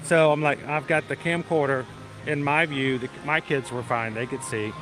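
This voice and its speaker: A man's voice: mid-range voice, steady tone, normal speed. A middle-aged man telling a story casually on a theme park livestream, chatty and self-deprecating, laughing often. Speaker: livestream vlogger. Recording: music playing loudly behind.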